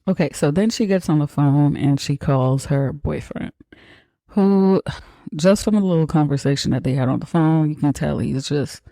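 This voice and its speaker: A man hosting a podcast, retelling a film in a casual, profane, animated way. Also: fairly high pitch, normal speed, creaky, no echo. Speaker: podcast host. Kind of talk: casual movie recap.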